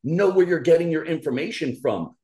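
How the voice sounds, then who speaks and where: A man's voice: on the high side, fairly quick. A man co-hosting a casual podcast, ranting with lots of swearing and heated storytelling. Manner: profane, animated ranting. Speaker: podcast co-host.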